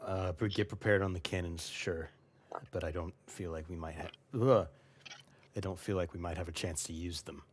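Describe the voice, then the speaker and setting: A man with a very low, deep voice runs a tabletop game as game master. He narrates at an easy pace, stopping now and then with small hesitations as he describes the scene. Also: steady tone, slight background noise. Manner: unhurried, with frequent hesitations.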